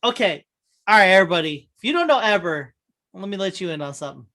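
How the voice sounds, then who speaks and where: A young man, a podcast co-host, teasing and swearing in lively casual chat. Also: high-pitched, fast. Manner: animated, teasing, profane.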